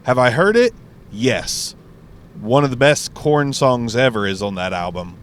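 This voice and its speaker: A man's voice: medium pitch, lively intonation, a little slow, slight background noise. A man talking casually and rambling about albums, swearing freely while driving. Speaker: music reaction vlogger. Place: inside a car.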